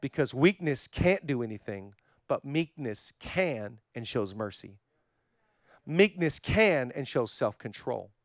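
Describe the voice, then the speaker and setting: A man preaching a sermon as pastor, swinging from loud fervent repetition down to soft, low, hushed passages and speaking straight to viewers online. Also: very animated, slow pace, dry recording, studio quality. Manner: addresses online viewers directly.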